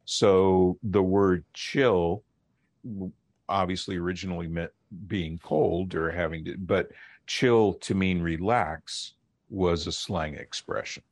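Deep-voiced man explaining like a professor. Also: steady tone, no echo. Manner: measured, lecturing, slows to stress key words. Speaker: linguist guest. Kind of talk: radio interview, explaining.

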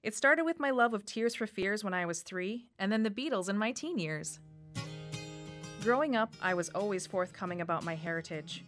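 A woman's voice: mid-range voice, expressive, normal speed, a bit bright, faint music behind. Wisconsin-accented woman telling her story. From Wisconsin, USA. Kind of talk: scripted first-person radio essay.

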